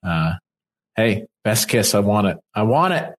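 A man co-hosting a podcast in casual chat, animated, with quick opinions and exclamations. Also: on the low side. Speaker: podcast co-host.

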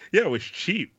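A man co-hosting a casual podcast, talking excitably and swearing casually. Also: dry recording. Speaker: podcast co-host. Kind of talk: casual chat. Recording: slightly dull, lo-fi sound.

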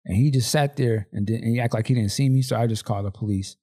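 A man's voice: mid-range voice, quick pace, mellow, breathy edge. A man on a podcast telling stories in casual chat, slangy and acting out dialogue. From Seattle, Washington. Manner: storytelling, slangy, acts out dialogue. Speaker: podcast co-host.

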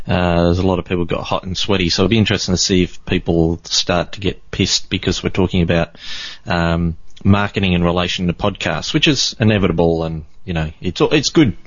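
A man's voice: deep voice, fairly even intonation, fairly quick, no echo. A man with an Australian accent, co-hosting a podcast in casual, rambling chat and swearing freely. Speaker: podcast co-host. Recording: dull dry lo-fi podcast audio.

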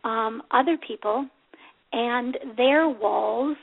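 A woman with a fairly high voice gives a reflective spiritual talk as a show host. She speaks gently and unhurriedly, often pausing between phrases. The sound is thin and tinny, like a phone line. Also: vocal fry. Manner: gentle, unhurried, with many pauses. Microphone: phone call.

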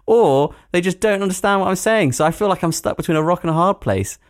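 A man's voice: sits high, animated, fast. A man co-hosting a casual podcast, chatty and self-deprecating, often laughing. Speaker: podcast co-host. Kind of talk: casual chat.

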